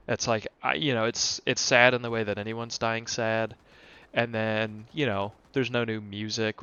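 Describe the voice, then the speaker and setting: A man's voice: fairly low pitch, fairly bright tone, clear, resonant tone. A young man hosting a casual monologue podcast, ranting in an exasperated, rambling way with many fillers and restarts. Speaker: podcast host.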